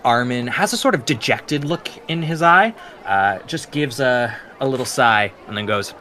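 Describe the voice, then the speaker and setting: Bright-voiced man narrating a tabletop game. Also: mid-range voice, expressive, normal speed, hardly any pauses, slight background noise. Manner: laid-back, frequent "uh" fillers. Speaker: dungeon master.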